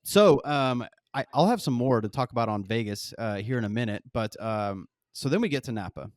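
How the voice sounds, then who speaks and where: A man co-hosting a podcast who tells stories at a fast clip, slipping into the voices of the people he quotes. His voice is recorded close and dry, with no room sound. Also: medium pitch, no echo. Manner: animated storyteller, acts out quoted voices. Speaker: podcast co-host. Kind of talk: casual chat.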